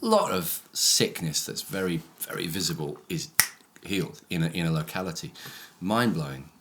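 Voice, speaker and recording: Deep-voiced man. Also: sing-song, noisy background. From England, Brighton. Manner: reflective, explaining with slow emphasis. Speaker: church leader discussing the Sunday sermon. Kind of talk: casual chat about a sermon.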